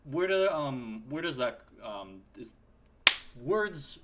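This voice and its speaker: A man's voice: mid-range voice, very animated, takes it slowly, heavy background noise. A man hosting a podcast interview, hesitant and fumbling for his words. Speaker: podcast host. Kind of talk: casual interview.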